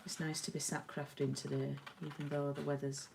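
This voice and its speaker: A woman's voice: low-pitched, flat delivery, brisk, creaky, darkish tone, slight background noise, poor audio. A woman giving a chatty live-streamed card-making lesson and greeting viewers by name. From England.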